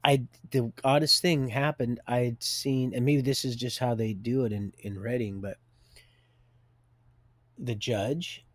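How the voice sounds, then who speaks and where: A middle-aged man telling his life story live from home, wandering off into folksy asides and circling back again. His voice sits at an ordinary middle pitch. The sound is dry and close, with no room echo. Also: fairly even intonation, unhurried. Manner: digressive, folksy, many restarts and asides. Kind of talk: rambling personal storytelling. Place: home, with a door and heater nearby.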